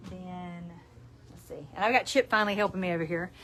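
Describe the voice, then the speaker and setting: A woman's voice: lowish voice, fairly quick, a bit bright. A woman with a Southern US Alabama accent, a shop owner hosting a casual livestream product showcase, chatty and folksy, laughing often and reading sayings aloud, in a retail store.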